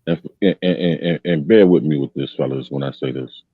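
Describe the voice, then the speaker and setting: A man chats about sports in a loose, slangy way, with asides as he goes. His voice is very deep. The sound is dull and lo-fi, and dry, with no room around it. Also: fairly quick, slightly rough, no room sound. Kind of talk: casual sports chat.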